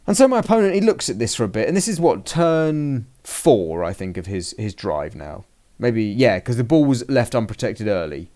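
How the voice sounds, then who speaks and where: A man telling the story of a tabletop match in casual podcast chat, his voice sitting at an ordinary middle pitch. He rambles and restarts often, acting out what he and his opponent said along the way. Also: very animated, normal speed, warm tone. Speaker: podcast host recounting a game. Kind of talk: casual chat, play-by-play recap.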